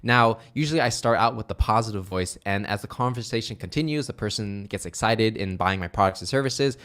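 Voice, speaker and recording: A man's voice: fairly low pitch, a little fast, a bit bright. A man teaching phone sales technique in an upbeat, conversational way, often checking in with "right?". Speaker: sales trainer. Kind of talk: instructional talk to camera.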